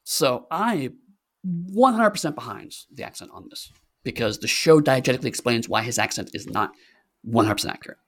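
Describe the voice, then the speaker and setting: A man's voice: mid-range voice, animated, brisk, a bit bright. A man co-hosting a podcast, talking in a rambling, sarcastic way with lots of fillers and restarts. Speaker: podcast co-host. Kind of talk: casual podcast chat.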